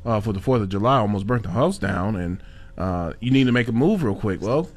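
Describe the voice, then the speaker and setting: A man's voice: lowish voice, animated, fairly quick. A man hosting a casual talk show, reading a sponsor spot and rambling with lots of fillers and chuckles. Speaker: show host. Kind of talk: casual chat with a sponsor read.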